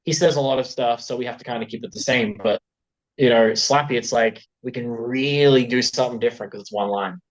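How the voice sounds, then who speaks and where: An Australian man chatting casually as a guest about his fan film, animated and laughing often. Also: medium pitch, fairly quick. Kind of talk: casual chat.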